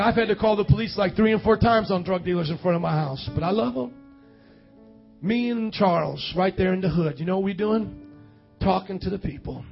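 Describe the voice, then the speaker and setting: A man's voice: sits high, creaky, highs cut off. A man preaching a sermon in a church hall, impassioned, calling out questions for the congregation to answer. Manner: impassioned preaching with call-and-response. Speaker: pastor.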